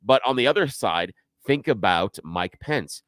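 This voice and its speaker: A man with a fairly low voice, explaining things steadily as a guest on talk radio. The sound is dry and close, as in a studio. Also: expressive, measured pace, fairly bright tone, dry recording.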